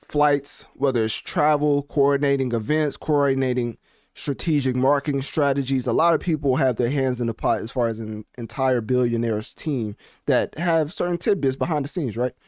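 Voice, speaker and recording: A man hosting a podcast, chatting casually with animated, slangy commentary while looking things up on his screen. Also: medium pitch, normal speed, no echo, clean studio sound. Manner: animated, conversational, slangy asides. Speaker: podcast host. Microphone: podcast mic, also on video.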